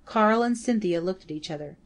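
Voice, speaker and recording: Woman narrator, measured audiobook delivery. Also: medium pitch, lively intonation. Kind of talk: scripted narration.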